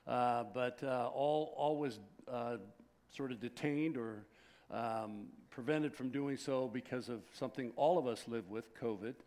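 In a church sanctuary, a pastor in his sixties offers a prayer before greeting his church casually, rambling with plenty of fillers and restarts. He speaks at medium pitch, unhurried and slightly mellow.

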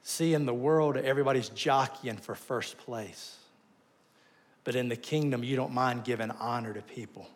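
A male pastor delivers a sermon in a voice of ordinary middle pitch. He tells stories with animated swings, rising into loud bursts and then dropping to soft, quiet asides. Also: normal speed.

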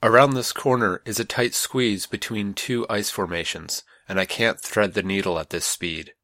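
A nervous, stubborn male rover technician, as a man voices him in an audiobook, pleading in a strained, tense way. The voice sits low and is recorded close and dry. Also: fairly even intonation, moderate pace, sharp tone, no echo. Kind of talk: audiobook character voice.

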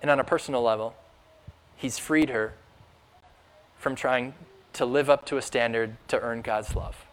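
Male pastor, mid-pitched, earnest sermon delivery with emphatic questions. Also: steady tone, moderate pace, pauses often.

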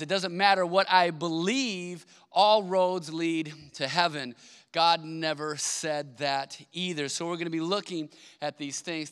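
A man's voice: sits high, bright, forceful tone, clear, resonant tone, long reverb tail. A man in his thirties, a pastor, preaching a conversational sermon and telling stories in a self-deprecating way.

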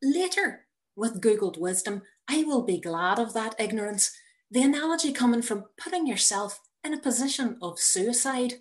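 A woman reading her own personal story aloud in a measured, wry manner. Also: fairly high pitch, expressive. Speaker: narrator.

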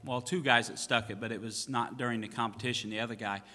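Joking pastor in a reverberant church. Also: male voice, medium pitch, steady tone, fast, pushed and bright. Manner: humorous storytelling, self-mocking. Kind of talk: sermon. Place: church sanctuary. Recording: long hall reverb.

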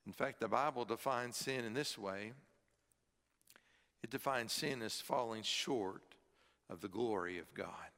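A man's voice: on the low side, a little slow, pauses often. Emphatic male preacher in a reverberant hall. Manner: emphatic preaching, rising to loud stress on key words. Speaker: pastor. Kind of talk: sermon. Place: church sanctuary, also filmed. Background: congregation present.

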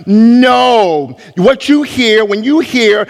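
Man, pastor, emphatic sermon, high voice, reverberant church hall. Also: animated, takes it slowly, few pauses. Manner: emphatic preaching with rhetorical questions. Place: church sanctuary.

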